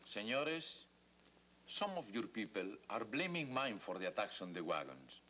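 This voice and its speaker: Formal polite town leader, really deep voice, old western movie. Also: male voice, sing-song, moderate pace, bright, forceful tone, a little hiss or hum. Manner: formal, courteous speech. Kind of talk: 1940s Western film acting.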